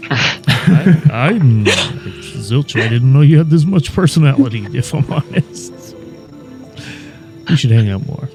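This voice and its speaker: Earnest cautious adventurer, played by a man; slow, mid-pitched, sincere. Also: lively intonation, music in the background. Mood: friendly. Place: home, online voice chat.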